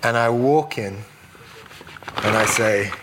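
A man from England giving a sermon as a preacher, chatty and self-deprecating, with quick asides. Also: medium pitch, background noise.

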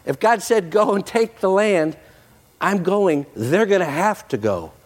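Male pastor, sermon delivery, lively swooping pitch, slightly high voice, joking with the congregation. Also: a little slow. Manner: animated, jokey preacher with playful put-on quotes. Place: church sanctuary with congregation.

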